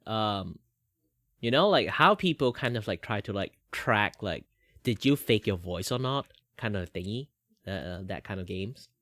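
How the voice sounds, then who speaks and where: A man's voice: animated, a little slow, bright, forceful tone, no room sound. A young man from Malaysia, chatting casually while drawing on a stream and rambling with lots of filler words. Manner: rambling, many filler words, flips between a low voice and a higher one.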